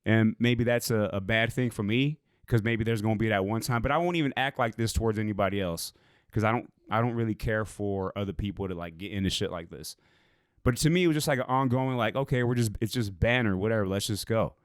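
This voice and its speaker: A man co-hosts a casual podcast, winding through a story in a loose, rambling way with plenty of swearing. His voice sits on the low side and comes across smooth and clean. The recording is dry and close to the mic. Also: fast, dry recording. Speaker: podcast co-host.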